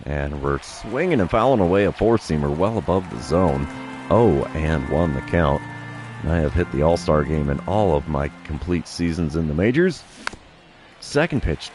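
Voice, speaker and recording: A man streaming a baseball video game, calling each pitch like an announcer with dry self-deprecating asides. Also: lively intonation, moderate pace, darkish tone, soft background music. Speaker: gaming streamer. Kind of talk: play-by-play commentary of his own video game.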